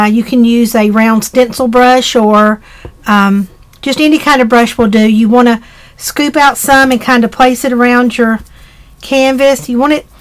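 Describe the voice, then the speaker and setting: Chatty Southern woman demonstrating crafts. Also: a little high. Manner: chatty, rambling, with frequent ums and restarts. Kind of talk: casual craft tutorial.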